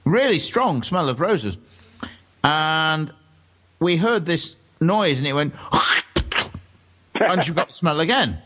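A man, a historian guest, telling stories in a relaxed radio chat with frequent laughter. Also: fairly high pitch, unhurried. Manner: animated storyteller, laughs often. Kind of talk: casual radio chat, anecdote.

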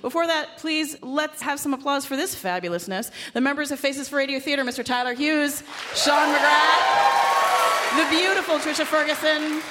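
A woman's voice: high-pitched, a little fast, hardly any pauses, background noise. A woman hosting a live radio show on a theater stage, introducing guests with upbeat enthusiasm.

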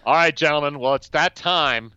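A man co-hosting a casual sports podcast, joking and bantering quickly. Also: fairly high pitch, bright, forceful tone, smooth, no room sound, muffled recording. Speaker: podcast co-host.

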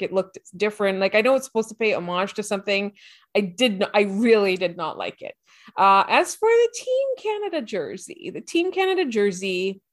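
A woman co-hosting a sports podcast, chatting in an easygoing way with some hesitations. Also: medium pitch. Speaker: podcast co-host. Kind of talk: casual sports chat.

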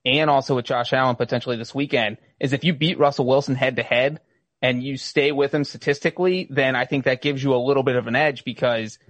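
A man's voice: medium pitch, fairly even intonation, quick pace, dry recording. Male podcast host, dry delivery, plain mid voice, dead dry sound. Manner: dry, matter-of-fact quizzing. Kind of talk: casual sports chat.

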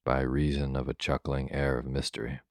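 Very deep, flat-voiced man reading a bedtime story. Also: moderate pace, no echo, studio quality. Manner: calm, even storybook reading for sleep. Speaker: narrator.

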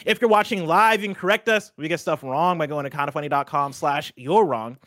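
A man in his late twenties co-hosting a casual video game news show, with energetic, laughing banter. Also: fairly high pitch, fairly quick, no room sound, studio quality. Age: late 20s. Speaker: co-host. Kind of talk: casual chat.

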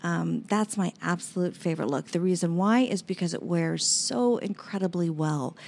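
Chatty lash artist woman, slightly low voice. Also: normal speed, vocal fry, slight background noise. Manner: chatty, animated, acts out clients' voices. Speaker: lash artist and salon owner. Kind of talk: casual chat.

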